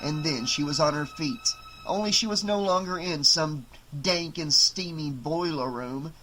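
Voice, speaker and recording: A male audiobook narrator reads in a steady, dramatic way. His voice sits a bit high and sounds bright and forceful, with faint music playing underneath. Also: unhurried, poor audio. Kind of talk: scripted narration.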